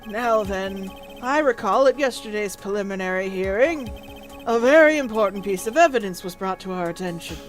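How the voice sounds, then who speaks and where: A woman voicing a formal, measured male courtroom judge while playing a video game. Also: medium pitch, expressive, soft background music, voice pushed down, natural voice.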